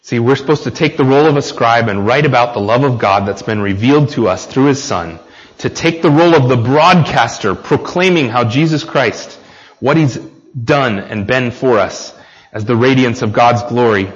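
A man's voice: mid-range voice, moderate pace, long reverb tail. Earnest American man preaching a sermon. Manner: earnest, speaks directly to the congregation with questions. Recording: slightly dull lo-fi recording.

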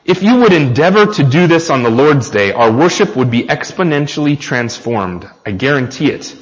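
A man's voice: fairly high pitch, big-room sound. An American man preaching a sermon in an earnest way, talking straight to the congregation and asking them questions. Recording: slightly dull lo-fi recording.

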